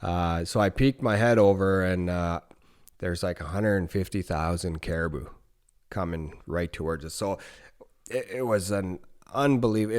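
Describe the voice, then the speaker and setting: Deep-voiced man telling a rambling story. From Nunavut, northern Canada. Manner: relaxed, profane, rambling with restarts. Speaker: podcast guest, former hockey player. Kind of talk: casual storytelling.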